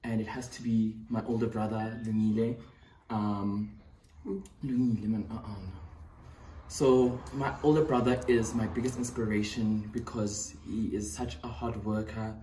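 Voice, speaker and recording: A man with a South African accent talks in a mellow, dark voice, trying to stay serious but slipping into laughs. The recording is roomy and distant, with faint hiss. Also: fairly low pitch, fairly even intonation, a little slow. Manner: mock-earnest, repeatedly breaking into laughter.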